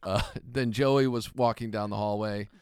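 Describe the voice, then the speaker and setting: Male comic, very smooth and clear voice, dry close sound, animated storyteller who swears a lot. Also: fairly low pitch, moderate pace, dry recording. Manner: animated anecdote-telling, acts out quoted people, swears freely. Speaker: stand-up comedian. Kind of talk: casual storytelling chat.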